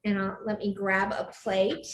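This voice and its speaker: A woman's voice: mid-range voice, completely flat delivery, unhurried, slight background noise. A woman hosting a live cooking show from her home kitchen, chatting with enthusiasm and gushing over the food. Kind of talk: live cooking demo chat. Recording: echoey room.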